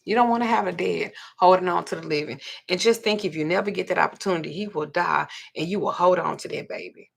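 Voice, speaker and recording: Outspoken female spiritual host, low husky voice with fry. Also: fast talker, few pauses. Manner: blunt and profane, retelling a client's story. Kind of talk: livestream talk.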